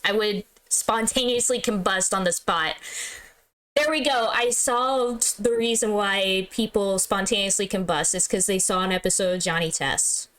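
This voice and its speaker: A woman's voice: medium pitch, moderate pace, a bit bright. A young woman giving casual, giggly, playfully dramatic commentary while playing a visual novel. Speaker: game streamer. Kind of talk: casual let's-play commentary.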